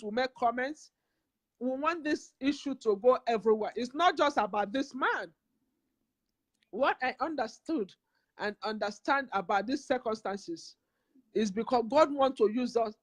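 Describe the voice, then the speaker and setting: Speaking in a slightly high voice, a community vlogger from Nigeria delivers a fervent, sermonizing appeal in Nigerian-accented English, hammering the same phrases again and again. There's no room sound.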